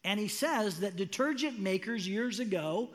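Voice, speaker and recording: Pastor guy preaching, high voice, big echoey church hall, gets lively doing quoted voices. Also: normal speed. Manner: animated, acts out quoted voices with rising pitch. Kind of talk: sermon. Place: church sanctuary.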